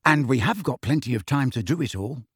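A man voicing an excitable, easygoing teenage schoolboy wizard who mutters conspiratorially in a storybook reading. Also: medium pitch, fairly quick, husky, no room sound, studio quality.

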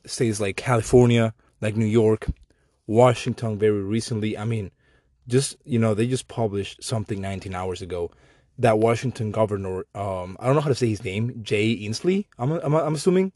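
Sarcastic Mexican-accented podcast host. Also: male voice, lowish voice, moderate pace, darkish tone, no echo, studio quality. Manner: sarcastic, profane, slangy. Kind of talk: casual podcast rant.

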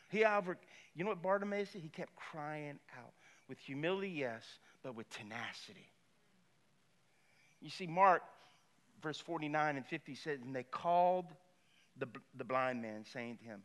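A man's voice: medium pitch, measured pace, long pauses. A middle-aged male pastor preaching a sermon, telling stories animatedly and acting out the people in them. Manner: animated storytelling, acting out voices.

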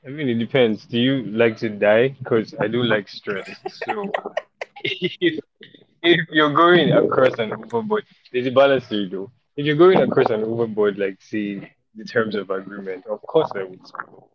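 A man's voice: medium pitch, moderate pace, a little hiss or hum. A young man chatting as a podcast guest, telling stories and acting out other people's lines. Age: young adult. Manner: relaxed storyteller, quotes people in mock voices. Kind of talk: casual chat. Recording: dull, dry sound.

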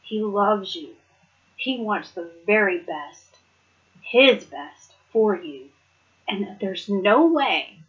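A woman's voice: medium pitch, expressive, slow, muffled recording. A woman giving a casual, earnest devotional talk. She reads scripture aloud and reflects on it, often laughing lightly between points. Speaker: Bible study speaker.

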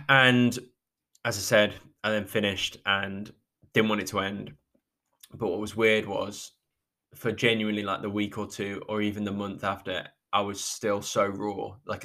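Male podcast host, low voice, halting reflective monologue that keeps breaking off, near tears. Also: little pitch movement, sharp tone. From England. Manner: halting, with many restarts and trailing pauses. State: emotional, close to tears.

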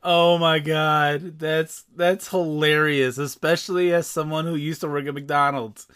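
Male podcast host, bright and forceful tone, exclamatory and loose-mouthed. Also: fairly high pitch, a little slow, smooth, no room sound, studio quality. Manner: expressive, swears freely, exclaims often. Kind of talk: casual chat.

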